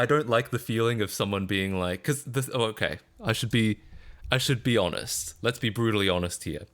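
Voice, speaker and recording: A man's voice: mid-range voice, a bit bright. A man with an Australian accent chatting casually on a live stream, rambling and self-deprecating with frequent chuckles.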